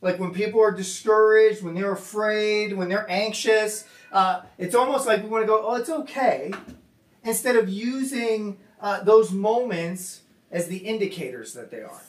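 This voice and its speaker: A pastor with a high voice preaches a casual sermon in a church hall at normal speed, loose and conversational with many fillers and restarts. The hall is echoey and his voice sounds far off.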